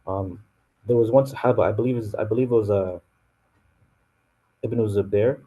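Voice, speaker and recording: A man's voice: lowish voice, normal speed, husky, narrow, tinny audio. A man with a North American accent explaining Quranic verses in a casual classroom way, with many fillers and restarts. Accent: North American English. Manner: relaxed, full of fillers and restarts. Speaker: Quran teacher.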